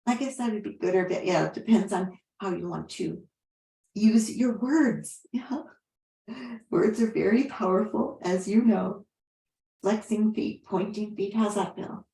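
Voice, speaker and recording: A woman yoga teacher guiding a class with gentle, unhurried cues and soft affirmations. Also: medium pitch, creaky. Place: class room. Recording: roomy echo.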